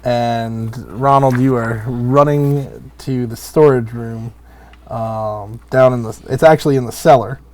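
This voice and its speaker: A man runs a tabletop horror game, narrating scenes in an unhurried, hesitant way. His voice has a middle pitch and a slow pace, often pausing with fillers. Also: fairly even intonation, darkish tone, a little hiss or hum. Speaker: game master.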